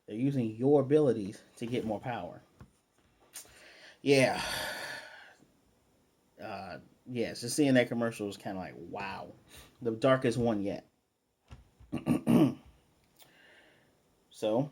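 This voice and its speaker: Mellow-voiced man recapping an episode. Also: mid-range voice. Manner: rambling retelling with many fillers. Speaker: video reviewer. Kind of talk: casual spoken episode review.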